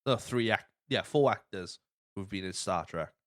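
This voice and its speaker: Animated sweary man. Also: fairly low pitch, normal speed, dry recording, studio quality. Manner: sweary, animated storytelling with acted-out quotes. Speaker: podcast host. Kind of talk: casual chat.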